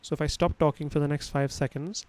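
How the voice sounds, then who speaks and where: He talks fast and flatly, his slightly high voice darkish in tone, and the recording is rough. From his home room and on a studio mic, the instructor gives a casual livestream lesson on sound, packed with fillers and restarts.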